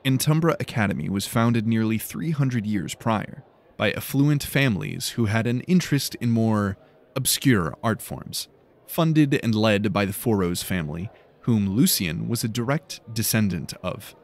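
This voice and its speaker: Male narrator, low voice, calm, measured, scripted audiobook reading.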